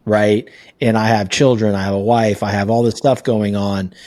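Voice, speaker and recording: A man's voice: lowish voice, flat delivery, moderate pace, a little mellow, dry recording. A man hosting a podcast, talking earnestly in a casual conversational way and telling stories with filler words. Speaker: podcast host.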